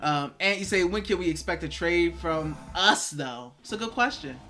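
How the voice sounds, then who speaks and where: A man's voice: fairly high pitch, normal speed, sharp tone, soft background music. A man hosting a live draft watch party, restless and nervous, chatting with viewers and reading their comments aloud. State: nervous and excited. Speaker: live stream host.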